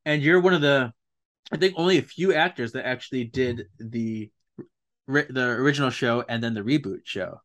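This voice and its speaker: A male host of ordinary pitch leads the conversation in a relaxed, friendly way. He laughs often and steers the talk with easygoing questions. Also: normal speed. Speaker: interviewer host. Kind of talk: casual interview chat.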